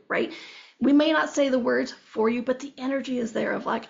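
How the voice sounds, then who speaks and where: A woman's voice: a little high, fairly quick, gravelly. A woman giving a motivational talk as a speaker on listening to the body, conversational and storytelling, often ending lines with "okay?" and "right?". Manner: acts out dialogue in storytelling. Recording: dull lo-fi recording.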